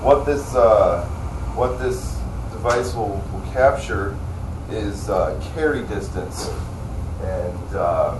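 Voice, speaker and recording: A man in his thirties with a low voice, nasal and stuffed up from a cold. He walks through a gadget in a casual, halting way, pausing as he taps through screens, with faint outdoor sound behind him. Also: noisy background. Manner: halting, talks while operating a device. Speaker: product demonstrator. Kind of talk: casual product demonstration.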